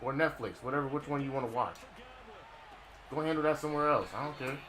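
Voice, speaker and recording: A man's voice: medium pitch, quick pace, a bit bright. A young man streaming a football game, talking casually to his chat in a slangy, mocking way. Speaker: gaming streamer. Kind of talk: casual live-stream talk. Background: game crowd noise.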